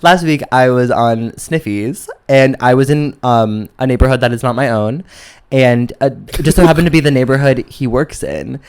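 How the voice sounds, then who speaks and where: A man's voice: mid-range voice, normal speed, a little mellow, clear, resonant tone. A man co-hosting a podcast, telling a long story in a chatty, gossipy way, full of "like". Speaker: podcast co-host. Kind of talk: casual chat, storytelling.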